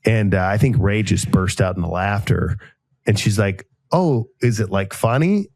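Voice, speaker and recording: A man in his thirties hosting a podcast, telling a long casual story and acting out each quoted voice with sudden jumps in pitch. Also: moderate pace, darkish tone, no echo. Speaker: podcast host.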